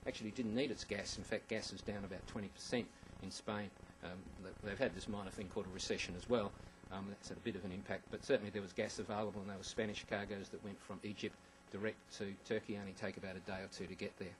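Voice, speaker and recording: A man with a lowish voice presents slides at a conference at a brisk pace. He fills pauses with ums, restarts phrases, and slips in wry, understated asides. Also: fairly even intonation, low-quality recording. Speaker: conference speaker.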